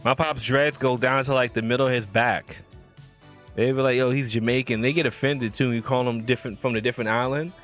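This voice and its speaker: A man's voice: medium pitch, fairly even intonation, a little fast, fairly bright tone, faint music behind. A man hosting a casual late-night livestream, talking in a laid-back, slangy way and laughing often. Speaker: livestream host.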